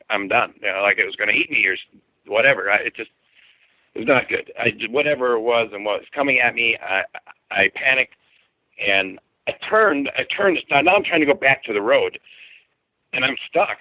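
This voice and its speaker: A man telling a frightening personal story in a halting, casual way, often repeating words and restarting sentences. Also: dry recording. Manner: halting, repeats words and restarts, pitch jumps when excited. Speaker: guest telling an encounter story. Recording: dry phone-line audio.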